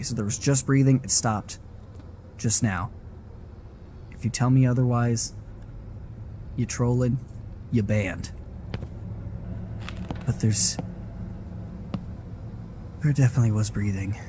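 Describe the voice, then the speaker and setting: A man with a fairly low-pitched voice plays a horror game live against a noisy background. His casual commentary rambles and swears, he keeps interrupting himself, and he often breaks into laughing asides.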